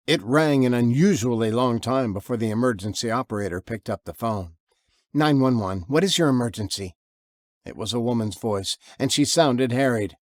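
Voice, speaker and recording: A man narrating his own horror novel in an expressive, lively way. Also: no room sound, clean studio sound. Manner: lively, expressive reading, with low growled voices for the father. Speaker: author and narrator.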